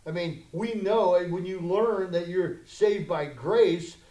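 Guy preaching, high voice, chatty then gets loud and pushy, echoey church. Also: takes it slowly. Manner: conversational preaching that swells into loud emphatic challenges. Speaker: pastor. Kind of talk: sermon. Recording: echoey room.

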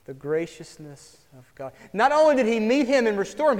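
A man delivers an earnest sermon in a fairly high voice. He drops to a hush and then swells into emphatic lines. The sound carries the long reverb of a large sanctuary. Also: sing-song, brisk, hardly any pauses. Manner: earnest, swings from hushed to emphatic. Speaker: pastor.

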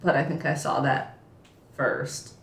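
A young woman co-hosting a casual film chat, jumping into quick acted-out quotes of the characters. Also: sits low, steady tone, vocal fry. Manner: acts out characters' lines in quick bursts. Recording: echoey room.

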